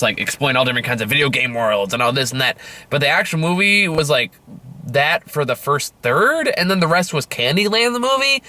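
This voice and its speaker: Bright casual young man reviewing films. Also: medium pitch. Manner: rambling, frequent fillers and self-corrections, swears casually. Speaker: movie reviewer. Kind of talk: casual spoken movie review.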